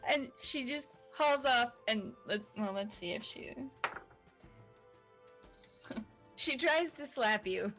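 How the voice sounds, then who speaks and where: A woman's voice: on the high side, expressive, slow, long pauses, a bit bright, soft background music. A woman narrating as dungeon master in a chatty, playful way. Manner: chatty, playful, with many fillers. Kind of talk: narrating a tabletop game.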